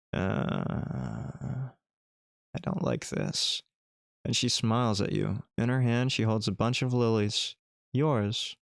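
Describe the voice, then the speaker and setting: Male streamer narrating a text adventure with playful asides; gravelly, dry. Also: mid-range voice, no echo. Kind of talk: reading a text adventure game aloud.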